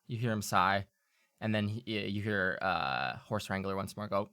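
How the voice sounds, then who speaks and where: A man's voice: lowish voice, a little slow, sharp tone, smooth, no echo. A man narrating a tabletop game as game master, loose and full of fillers.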